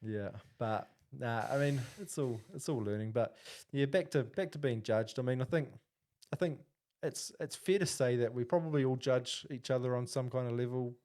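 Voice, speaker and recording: A man's voice: medium pitch, moderate pace, a little mellow. A man, co-hosting a casual podcast and telling a story with lots of fillers and restarts. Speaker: podcast co-host.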